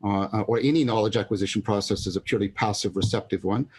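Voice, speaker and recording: A man with a fairly low voice, speaking as a scholarly guest on a podcast. He lectures in a halting way, searching for words and restarting as he explains ideas. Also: a little hiss or hum. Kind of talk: intellectual conversation.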